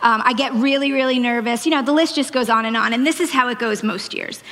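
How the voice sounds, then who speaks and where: Woman, 40s, faded Long Island accent, chatty and self-deprecating sermon, fairly high voice, long church-hall echo. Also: fast talker, a bit bright. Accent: faded Long Island New York. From Long Island, New York. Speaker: church speaker. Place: church stage.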